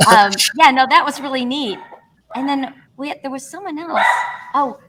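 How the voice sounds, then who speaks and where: A woman's voice: sits high, moderate pace, very noisy. A middle-aged actress, a guest, telling stories casually in an interview, laughing often and restarting her sentences. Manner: animated, laughing storyteller, many restarts.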